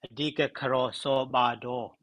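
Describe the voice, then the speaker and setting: Halting man teaching grammar, dry sound. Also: mid-range voice, little pitch movement, a bit bright, no echo, low-quality recording. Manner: slow, halting, counts syllables aloud one by one. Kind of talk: spoken lesson.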